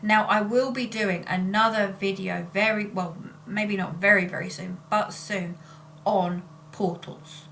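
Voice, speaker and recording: A woman's voice: medium pitch, fairly even intonation, a little slow, vocal fry, a bit bright, slight background noise. A woman, chatting casually on her vlog in a rambling way, often breaking off to correct herself. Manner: rambling and self-interrupting. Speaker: spiritual channeler and vlogger. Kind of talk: casual chat.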